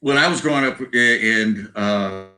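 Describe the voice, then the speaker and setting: Bright-voiced older American man. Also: on the low side, a little slow, rough recording. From Southern California. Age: around 70. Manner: rambling, tags lines with "you know" and "right?". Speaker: guest musician. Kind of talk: casual interview chat.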